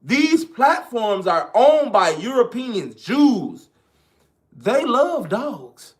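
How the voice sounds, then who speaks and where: A man's voice: very high-pitched, big pitch swings, drawn-out words. A man ranting in casual, profane, emphatic commentary straight to his viewers. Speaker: online commentator.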